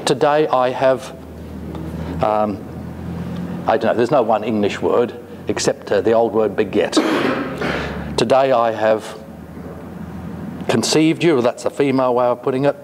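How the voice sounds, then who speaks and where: A man giving a classroom lecture, talking slowly and hesitantly with many fillers and asides. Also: medium pitch. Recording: long reverb, faint noise.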